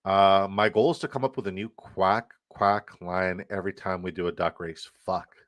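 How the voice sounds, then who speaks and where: A man's voice: sits low, fairly even intonation, normal speed, a bit bright. A man hosting a casual live fantasy football stream, swearing freely and reading out and answering chat. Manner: profane, hyped, reads and answers chat.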